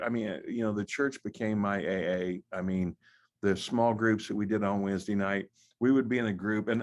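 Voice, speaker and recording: A middle-aged man, an American pastor, telling his story in an interview with many restarts and fillers. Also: lowish voice. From United States. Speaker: pastor and guest. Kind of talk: conversational testimony.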